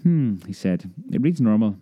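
A man reading a childhood memoir aloud as an audiobook, lively storytelling that raises his pitch for a child's cries. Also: normal speed, husky, lo-fi sound. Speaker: narrator.

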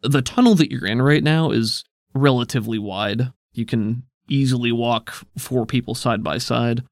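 A man's voice: mid-range voice, dry recording, clean studio sound. A man running a tabletop role-playing game as game master, steadily describing scenes and explaining the rules. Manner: descriptive, steady storytelling with quick rules asides.

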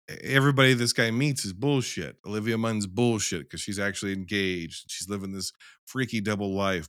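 A man co-hosting a casual film podcast, talking in a loose, animated way, swearing and acting out scenes as he argues his view. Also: fairly low pitch, dry recording, clean studio sound. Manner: animated, profane, acts out scenes in quotes. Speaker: podcast co-host.

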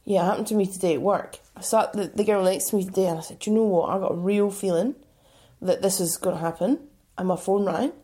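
Dry-humoured woman with a mellow voice. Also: mid-range voice, quick pace. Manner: dry, teasing, blunt opinions. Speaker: podcast co-host. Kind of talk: casual banter podcast.

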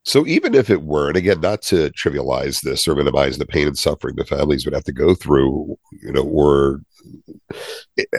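A man's voice: very deep voice, expressive, moderate pace, no room sound, clean studio sound. A man co-hosting a podcast in casual, jokey chat. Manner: laughs easily, jokey. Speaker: podcast co-host.

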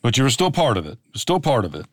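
A man's voice: mid-range voice, big pitch swings, fast talker, no room sound. A man hosting an interview show, setting up questions and giving brief affirmations.

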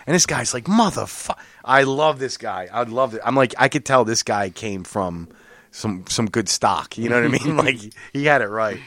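A man telling a long, profane driving story in casual chat, quoting other drivers in a louder, higher voice. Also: normal speed, dry recording. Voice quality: gets loud and high when quoting other drivers.

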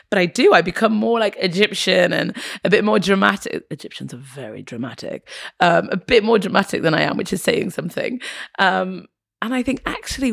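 A woman's voice: mid-range voice, gravelly, no room sound, clean studio sound. A British woman talking as a podcast guest, emphatic and passionate, now and then swearing for emphasis. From Britain. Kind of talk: conversational interview.

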